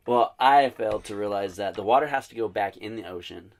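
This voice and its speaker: A young man co-hosting a casual podcast, telling a story in a relaxed, swearing, laughing way. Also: lowish voice, a little fast, vocal fry. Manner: laid-back storyteller, swearing, laughing easily. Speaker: podcast co-host.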